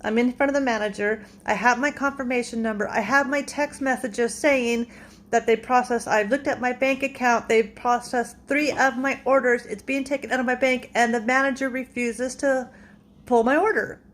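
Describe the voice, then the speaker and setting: A woman's voice: a little high, fairly even intonation, normal speed. A woman casually retelling a frustrating store run-in, exasperated and recounting every exchange. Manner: exasperated, retells the argument blow by blow. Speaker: vlogger. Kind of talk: casual complaint story.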